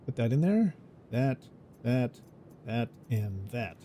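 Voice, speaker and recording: A man's voice: mid-range voice, sing-song, takes it slowly, mellow, slight background noise. A man streaming a game, talking casually and rambling, often correcting himself mid-sentence. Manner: rambling, self-correcting, easygoing. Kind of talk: casual gameplay commentary. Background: game music.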